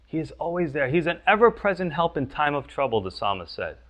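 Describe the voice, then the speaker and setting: A man's voice: on the high side, very animated, a little fast, fairly bright tone. A man preaching a conversational sermon as pastor, often asking the listeners questions. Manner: conversational, frequent "you know" and "right?".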